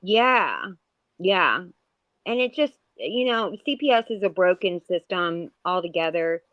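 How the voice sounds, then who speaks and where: A woman's voice: lowish voice, animated, a little slow, no room sound. Woman, 40s, podcast co-host; loose rambling chat full of fillers, muffled lo-fi sound. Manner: rambling, many fillers and restarts. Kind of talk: casual chat. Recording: dull lo-fi audio.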